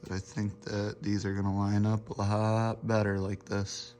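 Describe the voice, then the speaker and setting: Hoarse young man explaining his car build. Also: fairly low pitch, completely flat delivery, a little slow, a little mellow, a little hiss or hum. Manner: casual, explanatory, occasional swearing. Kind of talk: casual how-to narration. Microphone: phone.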